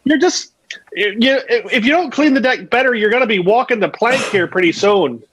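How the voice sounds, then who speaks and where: A man's voice: very high-pitched, animated, normal speed, fairly bright tone, breathy edge, exaggerated voice. Man doing an Irish-ish pirate captain. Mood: scolding. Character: gruff male pirate ship captain, strict. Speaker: improv performer. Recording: dull lo-fi audio.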